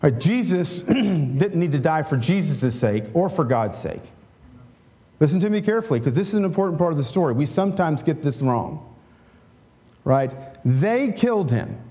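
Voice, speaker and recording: A man's voice: fairly high pitch, big pitch swings, moderate pace, warm tone. A middle-aged male pastor giving a conversational sermon, often checking in with "right?" and leading a prayer.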